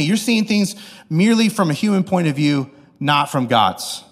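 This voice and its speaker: A man's voice: fairly high pitch, animated, moderate pace, in a large hall. A man pastor giving a casual, joking sermon, often checking in with the audience. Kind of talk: conversational sermon.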